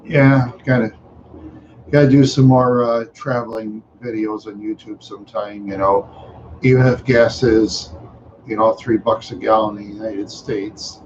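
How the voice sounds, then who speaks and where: Yawning and tired, this livestream host's voice is fairly low and level, a little slow, as he rambles casually with many fillers and trailing asides. The highs are cut off, with slight background noise.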